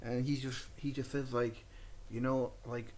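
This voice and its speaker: A young man co-hosting a casual podcast, talking at an ordinary pitch. He retells film scenes with excitement and plenty of swearing, dropping into the characters' voices as he goes. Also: measured pace. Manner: excited, profane, acts out characters' lines. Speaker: podcast co-host. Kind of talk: casual movie review chat.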